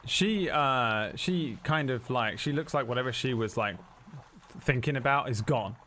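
A man's voice: mid-range voice, a little slow, bright, forceful tone, slight background noise. A man running a tabletop game as game master, narrating in a casual, rambling way full of fillers.

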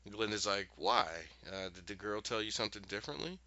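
A man with a lowish, sharp, forceful voice retells a show's plot in a casual, animated way. He keeps slipping into quick character voices for the dialogue. The sound is dry and a bit dull and lo-fi. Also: no echo. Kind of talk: casual recap storytelling.

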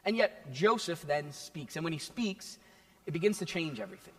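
High-voiced man preaching a lively sermon. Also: moderate pace. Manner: storytelling, lively retelling of a Bible story. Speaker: pastor. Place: church sanctuary. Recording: church hall with long reverb.

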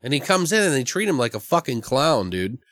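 A man's voice: mid-range voice, a little fast, no echo. A man retells a film's plot in loose, profane chat, his voice swinging widely up and down as he acts out the characters. The sound is dry and close, with no room around him. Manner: profane, animated storytelling with acted-out voices. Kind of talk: casual chat recapping a movie.

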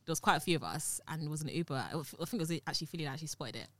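Brief: young British woman, quick and bright, lively storyteller, dry close mic. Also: sits low, no room sound. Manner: animated storyteller, acts out quotes. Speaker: guest. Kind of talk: casual podcast chat.

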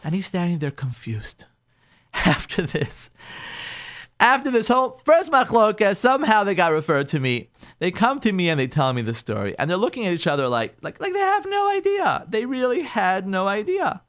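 A male rabbi tells a story to his listeners, his voice rising and falling with expression. He slips into each character's lines as he goes, keeping the telling animated from start to finish. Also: sits high, moderate pace. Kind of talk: storytelling talk.

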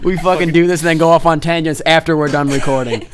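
A young man hosting a casual podcast chat with friends, lively and swearing as he tells stories. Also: fairly high pitch, fast talker, crowd noise. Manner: lively, swearing, laughing storyteller. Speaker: podcast host.

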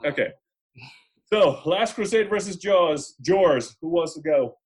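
A man co-hosting a casual movie podcast, telling stories with animated energy and acting out the people he quotes. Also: on the high side, moderate pace, slightly rough. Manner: animated storyteller, acts out quoted voices. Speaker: podcast co-host. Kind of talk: casual movie chat and storytelling.

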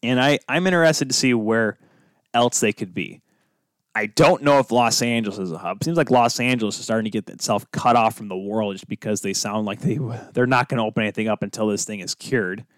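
A man's voice: lowish voice, a little fast, dry recording, clean studio sound. A man hosting his own sports podcast alone, talking casually and drifting off on tangents with self-deprecating asides. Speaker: podcast host. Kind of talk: solo podcast monologue.

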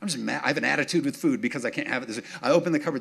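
A man's voice: mid-range voice, racing, gravelly, husky. A middle-aged man preaching a sermon, telling self-mocking stories with humor and often asking the congregation if they are with him. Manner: animated, asks congregation for response. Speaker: pastor.

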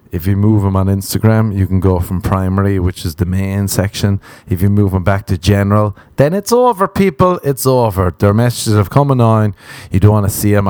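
A young Irish man doing a comic monologue on a podcast, swearing freely and mocking himself in an animated rant. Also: fairly low pitch, dry recording.

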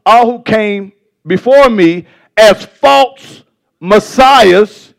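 Preaching with passion, this male pastor has a high voice with vocal fry and speaks extremely slowly. His delivery stumbles over words and shifts from loud bursts to quiet asides.

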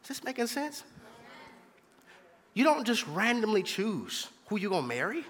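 A man's voice: high voice, sing-song, moderate pace, a bit bright, husky, in a large hall. A man preaching a sermon as pastor in a church, emphatic and repetitive, calling out to the congregation. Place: church sanctuary.

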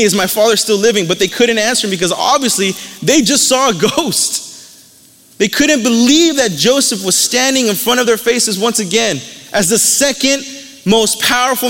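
A man's voice: fairly high pitch, a bit bright, in a large hall. A man preaching a sermon, retelling a Bible story in casual words and briefly acting out the characters' lines.

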